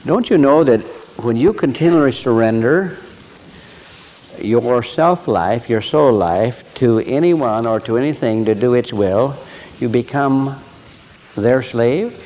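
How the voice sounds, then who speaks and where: An older man delivering a sermon in an animated storytelling manner, now and then acting out voices and laughing. His words ring out with a long reverb, as in a large hall, over a faint hum of ambience. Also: medium pitch, takes it slowly. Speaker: preacher.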